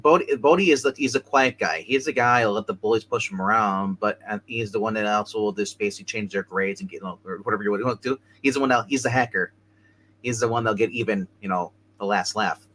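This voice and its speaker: A man's voice: lowish voice, fairly quick, a bit bright, slight background noise, poor audio. A man casually recapping a TV episode as co-host, rambling with many restarts and fillers. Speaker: show co-host.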